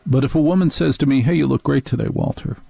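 A man's voice: mid-range voice, fast talker, vocal fry, dark tone, husky, dry recording. A man hosting a radio talk show, delivering an opinionated, sarcastic, rambling monologue into a studio microphone.

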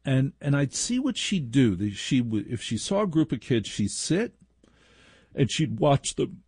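Husky, lively middle-aged radio host. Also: male voice, medium pitch, a little slow, dry recording, studio quality. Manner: storytelling, self-deprecating humor. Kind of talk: talk radio monologue.

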